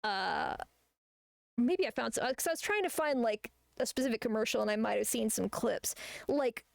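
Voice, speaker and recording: A young woman chats casually on stream while drawing. She rambles, swears freely and laughs a lot. Her voice sits fairly high with a lot of vocal fry, in a dry, close sound. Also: animated, normal speed, dry recording. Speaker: streamer and artist.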